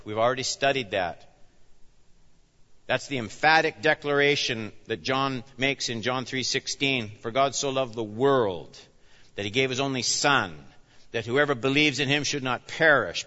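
A man preaching with a bright, forceful voice that rises loud and then drops to a hush. He speaks as a pastor in an emphatic sermon. The sound is a bit dull and rings with long reverb from a large hall. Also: medium pitch. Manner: emphatic, swings from loud declarations to hushed asides.

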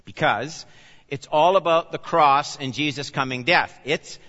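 A man pastor preaching a sermon, with animated emphasis that rises and falls as he explains scripture. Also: fairly high pitch, unhurried. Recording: reverberant hall, dull lo-fi sound.

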